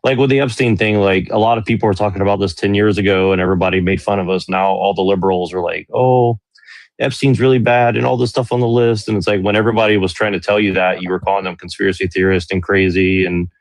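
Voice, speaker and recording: A man's voice: deep voice, fairly even intonation, racing, hardly any pauses, no room sound. A man arguing politics in a heated live-stream debate, defensive and repeating himself when pushed. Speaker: guest speaker on a live stream.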